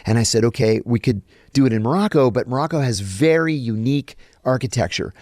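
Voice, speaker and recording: Man, middle-aged, gravelly voice, dry close sound, lively storyteller. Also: fairly low pitch, no room sound. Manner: animated anecdote teller, acts out quoted lines. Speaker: guest, former intelligence officer. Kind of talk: storytelling in an interview.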